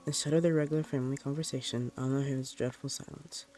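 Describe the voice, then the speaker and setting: A man reading a first-person horror story aloud in a plain, unhurried way. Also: mid-range voice, steady tone, darkish tone.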